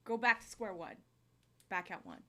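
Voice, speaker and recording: A woman's voice: mid-range voice, huge pitch swings, normal speed, fairly bright tone. A woman hosting a live music-review stream, giving blunt, coaching feedback on songs and teasing her co-host. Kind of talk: live-stream song critique.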